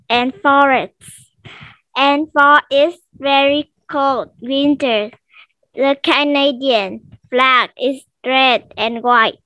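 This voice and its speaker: A woman student shyly reading a text aloud for a test over a headset, slow and halting. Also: sits high, fairly bright tone, no echo. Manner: shy, short answers, slow halting reading.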